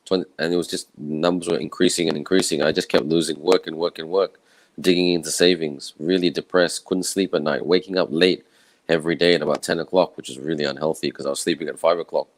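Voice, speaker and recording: A man from Malaysia, speaking in a croaky, tired voice in an earnest, conversational personal talk to camera. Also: very deep voice, fairly even intonation, fast, no room sound. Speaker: summit speaker. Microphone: own camera setup with a clip mic.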